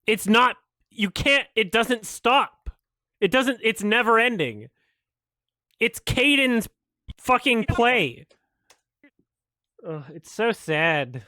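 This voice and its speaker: Brief: male film critic streamer, high pitch, frustrated and swearing, laughing often, dry recording. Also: animated, slow, long pauses, pushed and bright, dry recording. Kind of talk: ranting stream commentary.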